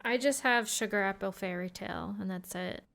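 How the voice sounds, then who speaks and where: A woman chatting casually on a podcast, hesitant and full of pauses. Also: medium pitch, creaky, fairly bright tone. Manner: hesitant, lots of ums. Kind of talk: casual chat.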